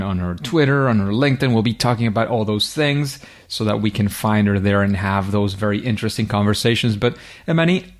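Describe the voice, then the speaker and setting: A man hosting an interview podcast, chatty and self-deprecating, stumbling through names with good humor. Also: lowish voice. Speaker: podcast host.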